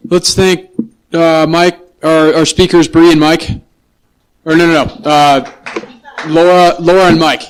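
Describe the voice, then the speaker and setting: Smooth-voiced man closing a meeting. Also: fairly high pitch, level tone, rough recording. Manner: halting, stumbles over names. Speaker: meeting chair. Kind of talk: reading closing announcements.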